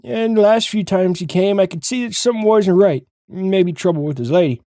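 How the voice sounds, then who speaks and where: Guy putting on a cranky old baker grandpa in his 70s, folksy drawl, higher voice, game. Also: a little fast, warm tone, no room sound, studio quality, lightly acted. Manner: folksy drawl, boastful and teasing.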